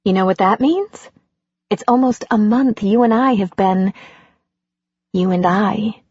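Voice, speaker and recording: A woman reading an audiobook and voicing a playful, affectionate middle-aged woman, lifting her voice higher for her. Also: unhurried, darkish tone, slightly rough, no echo, highs cut off. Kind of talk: audiobook character voice.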